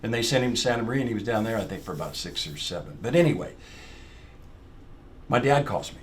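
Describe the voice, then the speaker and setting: A man's voice: on the low side, big pitch swings, fast, slight background noise. A middle-aged man, a guest from the fair business, telling long rambling anecdotes in a casual, blunt way. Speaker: guest, fair industry executive. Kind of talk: casual storytelling chat.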